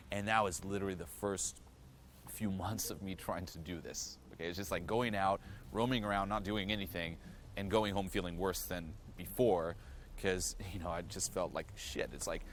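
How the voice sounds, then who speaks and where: A man's voice: low-pitched, fairly bright tone, slight background noise. A man telling his own story straight to the viewer, frank and earnest, swearing freely and leaning on "you know" fillers. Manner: earnest, direct address to viewer. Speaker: self-improvement vlogger. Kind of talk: candid personal storytelling to camera.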